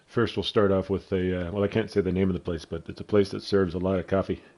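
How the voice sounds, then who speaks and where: Low, mellow-voiced Canadian man. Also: flat delivery, fast. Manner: profane, rambling. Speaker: gaming vlogger. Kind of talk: casual storytelling over gameplay.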